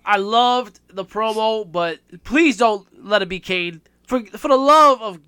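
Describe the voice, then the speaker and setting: A man co-hosting a podcast in relaxed, joking casual chat. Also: sits high, unhurried, clean tone, no room sound. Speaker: podcast co-host.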